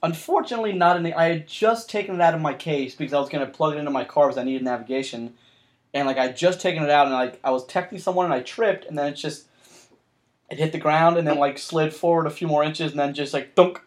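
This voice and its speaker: Male podcast host, slightly high voice, rambling storyteller who restarts sentences a lot, casual chat. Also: fast.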